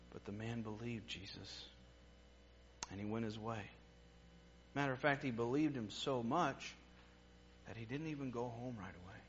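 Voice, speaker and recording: A man preaches a sermon in an earnest, heartfelt way, his voice at a middle pitch. He moves from emphatic lines down to hushed, quiet passages. The recording is a little muffled, with a faint hum behind him.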